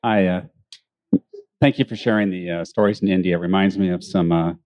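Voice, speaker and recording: A man's voice: deep voice, steady tone, fairly quick, a little mellow, muffled recording, a little hiss or hum. Hesitant man asking a question. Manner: hesitant, many fillers. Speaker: audience member asking a question.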